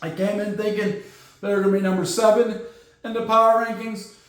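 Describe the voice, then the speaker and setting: A man's voice: sits high, little pitch movement, fairly quick, a bit bright. A man hosting a casual sports podcast, talking in a rambling way with many fillers and stumbling over team names. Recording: very echoey room.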